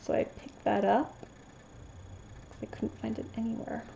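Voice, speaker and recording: A woman's voice: a little high, little pitch movement, measured pace, gravelly, mellow, highs cut off, slight background noise. A woman vlogging about her cross-stitch finishes in a casual, rambling show-and-tell chat, with a slight lisp and lots of fillers and restarts. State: sniffly after sneezing.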